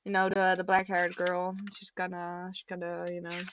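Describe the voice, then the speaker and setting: A young woman vlogging at home in a casual, confessional way, rambling and halting with a self-deprecating tone. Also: lowish voice, monotone, a bit bright, slight background noise. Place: at home, seated at a desk. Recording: dry, slightly dull lo-fi.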